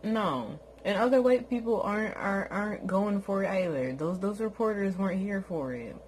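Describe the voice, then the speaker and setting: A woman vlogger lies in bed at home, ranting casually to her viewers with exasperation and sarcasm, mocking others in high, put-on voices. Her delivery is expressive and moderately paced, with a slightly mellow tone. The low-quality recording carries a bit of hiss or hum.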